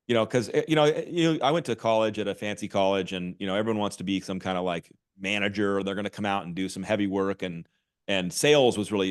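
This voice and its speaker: A middle-aged man talking casually as a podcast guest, animated and quick to restart his sentences with repeated words. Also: on the low side. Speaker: podcast guest, author and marketing executive. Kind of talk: casual interview talk.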